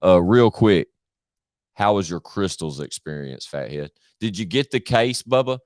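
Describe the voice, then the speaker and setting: A man's voice: low-pitched, animated, unhurried, a little mellow, no echo, clean studio sound. A man chatting casually on his live stream, rambling, slangy and full of swearing.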